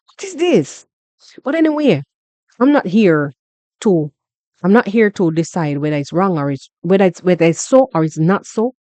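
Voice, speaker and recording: A Jamaican woman hosting a podcast, talking through a story in an animated, repetitive way and often asking "you understand?". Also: on the low side, moderate pace, dry recording. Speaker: podcast host. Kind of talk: casual commentary monologue.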